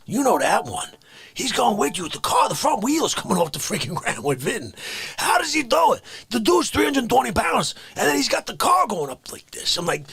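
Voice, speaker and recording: A man hosting a live comedy stream, ranting through an unscripted monologue that swings between shouting and hushed whispers. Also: very high-pitched, wildly swooping pitch, normal speed, creaky, husky, no echo.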